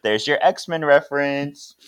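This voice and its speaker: A man's voice: on the high side, takes it slowly, smooth. A man co-hosting a podcast in casual chat, reading comics aloud with plenty of laughter and playful put-on voices. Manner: laughs often, acts out lines in playful voices. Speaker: podcast co-host.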